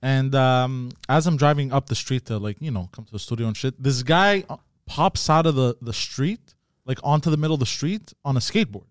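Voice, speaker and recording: A man on a casual podcast, animatedly retelling a story in profane language and acting out shouted lines. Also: mid-range voice, fairly quick, dry recording, clean studio sound. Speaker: podcast co-host. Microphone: studio microphone.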